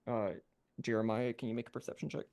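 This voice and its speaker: A man narrating as game master in a rambling, halting way with many fillers. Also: medium pitch, flat delivery, a little mellow.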